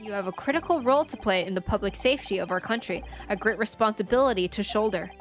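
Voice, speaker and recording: Woman doing a stern old judge, formal and deliberate, slow measured delivery, faint music behind. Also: medium pitch, lightly acted.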